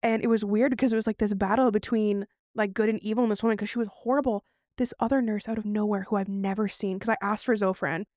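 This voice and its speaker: This co-host talks fast at medium pitch, recorded with studio quality and no echo. In a relaxed podcast conversation she tells a personal story, animatedly imitating what others said to her.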